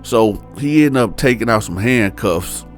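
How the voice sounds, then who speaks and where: A man's voice: fairly low pitch, lively intonation, measured pace, faint music behind. A man casually telling a true-crime story in colloquial slang, often checking in with "right?".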